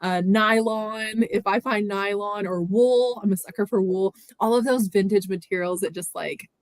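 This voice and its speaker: A woman's voice: mid-range voice, fairly even intonation, normal speed, no echo. A woman hosting a casual livestream chat, greeting viewers by name in a chatty way. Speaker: livestream host.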